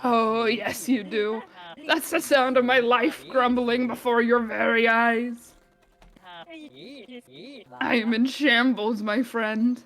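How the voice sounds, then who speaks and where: A woman's voice: fairly high pitch, fairly even intonation, slow pace, long pauses, fairly bright tone. Woman playing a theatrical, gloomy man in shambles. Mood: melodramatic. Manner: theatrical, old-fashioned wording.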